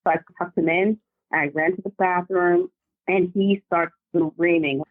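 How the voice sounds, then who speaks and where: A woman calling in to a podcast, telling a story in a casual and animated way. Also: lowish voice, a little slow, dry recording. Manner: animated, vivid retelling. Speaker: caller. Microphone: phone call. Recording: tinny phone line.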